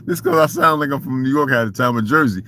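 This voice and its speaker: A man's voice: mid-range voice, fast talker, a bit bright. A man with a Southern US accent ranting casually and profanely on a livestream, emphatic and laughing often. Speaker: livestream host. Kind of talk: casual rant.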